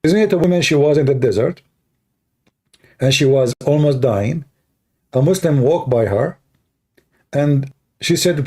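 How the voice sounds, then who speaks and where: A man with a fairly high-set voice argues heatedly on a live stream, daring his listeners to prove him wrong. His English is broken and non-standard, and he keeps clearing his throat as he lectures. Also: animated, a little slow, long pauses, a little mellow. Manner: confrontational, challenging listeners. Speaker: livestream debater. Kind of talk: heated livestream debate.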